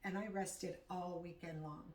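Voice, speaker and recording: Woman, middle-aged, casual vlog chat, rambling, halting, at home, roomy echo. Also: fairly low pitch, fairly even intonation, darkish tone. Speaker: vlogger. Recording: echoey room, far from mic.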